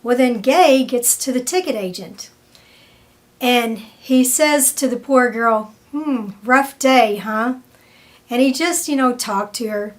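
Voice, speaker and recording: A woman's voice: on the high side, animated. A woman presenting a weekly wellness tip, telling a story and acting out the people in it. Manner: slow, storytelling, acts out quoted people.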